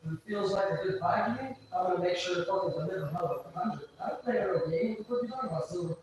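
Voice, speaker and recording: A woman's voice: on the low side, quick pace, darkish tone, slight background noise. A woman livestreaming, talking in a rambling, profane way that keeps trailing off and restarting. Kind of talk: rambling live-stream monologue. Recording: very echoey, voice far from mic.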